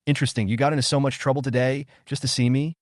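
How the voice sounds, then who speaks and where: A man voicing a composed young man who runs a nightclub, speaking in a cool, measured way. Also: mid-range voice, steady tone, no echo, clean studio sound, pitched above the performer's own voice, close to an everyday voice.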